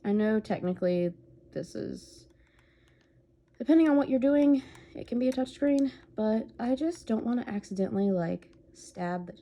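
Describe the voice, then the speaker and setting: A woman's voice: a little high, expressive, moderate pace, dark tone. A woman giving casual, rambling gameplay commentary as a let's play host, humming to herself between remarks. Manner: rambling, chatty, hums to herself.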